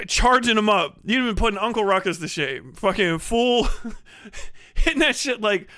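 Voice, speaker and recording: A man holding forth on his livestream in a profane, rambling comic rant, cracking himself up as he goes. His voice sits high and bright. The mic is close, and the sound is dry. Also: animated, normal speed, dry recording. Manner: rambling, crude, laughs often, does impressions.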